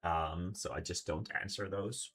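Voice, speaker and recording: A man's voice: deep voice, fairly even intonation, unhurried, a bit bright, soft background music. A man casually reacting to a video on stream, rambling with many fillers and frequent swearing. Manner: rambling, hesitant, swears a lot.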